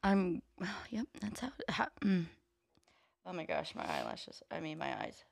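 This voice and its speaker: A woman co-hosts a casual podcast with a gravelly voice. Her pitch swoops around and she laughs often. The sound is dry and close. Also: huge pitch swings, a little slow, dry recording. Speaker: podcast co-host. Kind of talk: casual chat.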